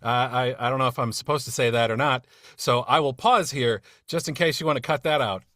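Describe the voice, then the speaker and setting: A man's voice: medium pitch, fairly quick, fairly bright tone, dry recording, studio quality. A man leading a casual podcast chat among voice actors, friendly and rambling with many fillers and restarts. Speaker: cast member leading a retrospective discussion.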